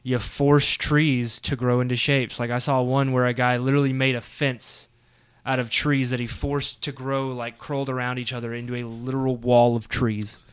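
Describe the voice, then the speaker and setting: In a casual podcast chat, a young male co-host rambles along, full of fillers and restarts. He speaks at normal speed in a clear, resonant mid-range voice with little pitch movement, and the recording has no echo.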